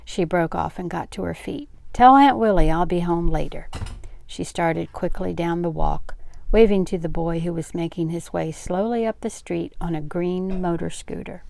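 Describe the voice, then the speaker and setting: An older woman reading a novel aloud in a steady, unhurried way. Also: lowish voice, creaky. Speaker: read-aloud host.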